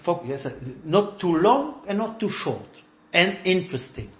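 In a reverberant space, a rabbi runs an informal class, narrating stories and acting out dialogue amid laughing outbursts. His voice is high, very animated, and fairly bright, and he speaks a little slowly.

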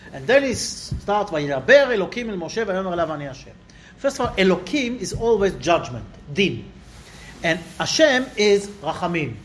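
Animated teacher with a very lively voice. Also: slight background noise. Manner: animated, acts out quotes with rising pitch. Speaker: Torah teacher. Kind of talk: Bible lesson to a small class. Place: indoor room with listeners.

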